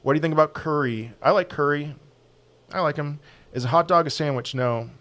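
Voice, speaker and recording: A man hosting a casual live question-and-answer stream, giving blunt, quick opinions and getting animated on sports. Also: on the high side. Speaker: crypto channel host answering viewer questions.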